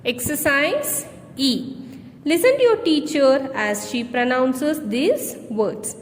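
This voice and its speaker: A woman with an Indian English accent teaching young children, slowly spelling out words letter by letter. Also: high voice, expressive, long reverb tail, a little hiss or hum. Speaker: primary school teacher. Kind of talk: slow classroom lesson.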